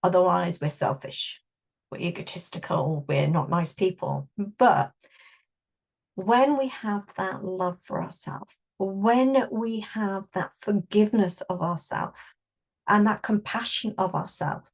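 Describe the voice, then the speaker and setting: A woman teaches a relaxed energy-healing workshop. Her voice sits in a middle register, and she explains things conversationally, with softly guided affirmations. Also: mid-range voice, takes it slowly, gravelly.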